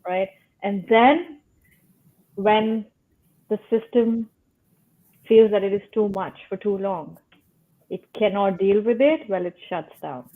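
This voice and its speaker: A woman's voice: mid-range voice, slow, pauses often. Woman explaining over a tinny call line. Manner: thoughtful, explains with simple metaphors, frequent "right?". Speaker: guest explaining the nervous system. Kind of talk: casual explanatory talk.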